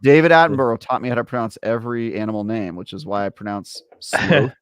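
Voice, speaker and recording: A man's voice: fairly low pitch, lively intonation, quick pace, clear, resonant tone, dry recording, studio quality. A man co-hosting a gaming podcast in casual chat, rambling through stories and poking fun at himself. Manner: rambling, self-deprecating storyteller. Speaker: podcast co-host.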